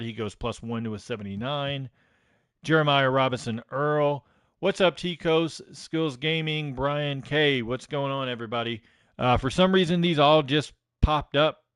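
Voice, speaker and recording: A man's voice: medium pitch, fairly bright tone, clean tone, dry recording, studio quality. A man hosting a live stream, casually reading out game ratings with lots of ums and uhs. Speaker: gaming channel host.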